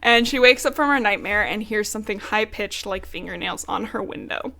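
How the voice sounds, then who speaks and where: A woman's voice: mid-range voice, fairly quick, creaky, sharp tone. A woman co-hosting a podcast, casually recapping a book with loose talk and swearing. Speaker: podcast co-host.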